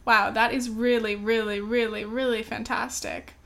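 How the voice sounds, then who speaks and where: An American woman's casual on-camera film chat is loose and full of "um" and "like," with occasional heated moments. Her voice is on the high side, gravelly and fairly bright, with a level tone and moderate pace.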